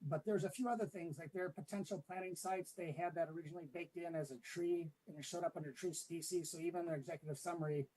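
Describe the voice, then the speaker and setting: Man, city staff presenter, relaxed and explanatory with fillers; slightly raised pitch, breathy edge. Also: quick pace, few pauses, low-quality recording. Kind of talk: meeting presentation. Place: public meeting room with remote attendees.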